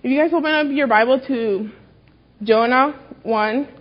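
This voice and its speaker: A young woman gives an earnest, informal youth sermon in a slightly high voice. She talks casually, with frequent fillers and restarts. The recording sounds dull and lo-fi. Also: normal speed. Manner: chatty and earnest, many "like"s and restarts. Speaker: youth speaker at church.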